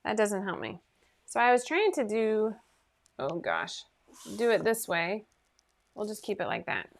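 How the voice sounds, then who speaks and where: Woman host, mid-pitched, rambling and self-deprecating, live sewing chat over a computer mic at home. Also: very animated, unhurried. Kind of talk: casual livestream chat.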